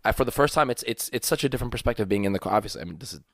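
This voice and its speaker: A man's voice: on the low side, animated, racing, gravelly, no room sound, clean studio sound. A man co-hosting a casual podcast, talking emphatically with frequent restarts. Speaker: podcast co-host. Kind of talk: casual chat. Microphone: studio mic.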